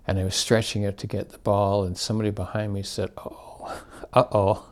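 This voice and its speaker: A man's voice: fairly low pitch, level tone, quick pace, darkish tone. An older man casually reminiscing about his school days, rambling and correcting himself as he goes. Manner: rambling, self-correcting, chuckling. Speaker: storyteller.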